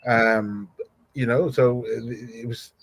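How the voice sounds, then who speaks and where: A man from Samoa with a Samoan accent, a podcast guest telling stories in a conversation, animated and laughing as he talks. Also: medium pitch, takes it slowly, gravelly. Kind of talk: storytelling in a conversational interview.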